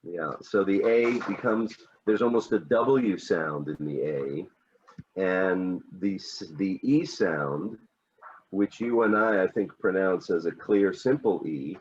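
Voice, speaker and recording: Man, American accent, very deep voice, casual teaching chat, hesitant with fillers, dull lo-fi sound. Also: slow, breathy edge. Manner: relaxed, hesitant, many fillers. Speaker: English teacher.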